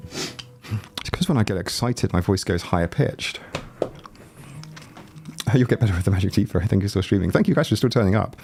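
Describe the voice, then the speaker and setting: A man's voice: lowish voice, animated, normal speed, pauses often, darkish tone, a little hiss or hum. Sick man with a rattly voice. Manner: rambling, joking, chats with viewers. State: sick with a chest cold, rattly voice. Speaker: livestreaming YouTuber. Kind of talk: casual livestream chat. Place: home. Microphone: desk mic, no headphones.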